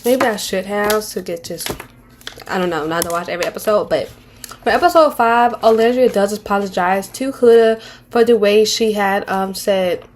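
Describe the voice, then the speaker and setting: A woman's voice: mid-range voice, normal speed, slight background noise. A woman in her twenties giving casual commentary on a reality show, candid and slangy, rambling with restarts and mocking impressions. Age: 20s.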